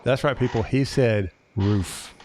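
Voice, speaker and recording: An American man hosts a motorcycle podcast in a casual chat, with a medium-pitched voice and moderate pace. He rambles, restarts often and uses many fillers, with noisy background audio.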